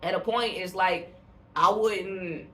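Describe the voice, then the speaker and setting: Bright-voiced, blunt, swearing woman. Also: lowish voice, takes it slowly. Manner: blunt, profane, animated. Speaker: podcast co-host. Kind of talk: casual podcast chat. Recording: roomy, distant mic, faint hiss.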